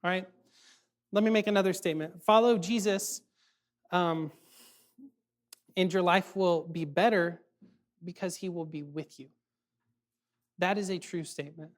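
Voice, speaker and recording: A man giving a casual youth sermon, animated and chatty, full of fillers and quick check-ins with his audience. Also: sits high. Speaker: youth ministry speaker.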